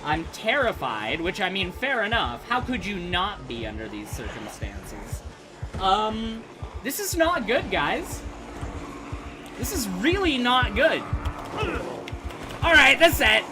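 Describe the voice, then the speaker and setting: Guy streaming a game, lots of cursing n yelling, really lively voice, talks slow. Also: high voice, music in the background. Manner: excitable, swears a lot, shouts and laughs at the game; talks straight to viewers. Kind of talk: live gameplay commentary.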